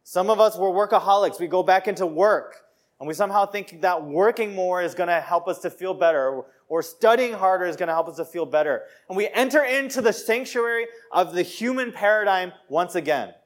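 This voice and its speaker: A man's voice: high-pitched, lively intonation, brisk. Earnest man preaching a sermon. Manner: earnest, conversational preaching with repeated phrases and restarts.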